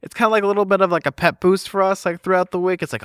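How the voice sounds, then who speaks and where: Brief: male podcast co-host, chatty, smooth, dry close sound. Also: high voice, fairly even intonation, racing, hardly any pauses, a bit bright, no room sound. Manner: filler-heavy, chatty with lots of "like". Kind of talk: casual chat.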